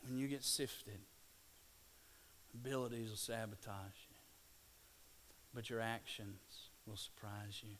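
A man from Louisiana, preaching a sermon and swinging between hushed, slow passages and loud, excited bursts. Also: fairly low pitch, a little hiss or hum. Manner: dynamic, swings from hushed to shouting. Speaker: pastor.

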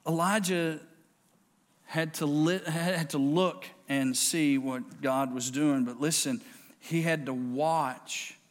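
A man preaching a sermon, with stammering restarts and quiet, hushed passages that build up to shouted exhortation. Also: a little high. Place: large church sanctuary. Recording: long hall reverb.

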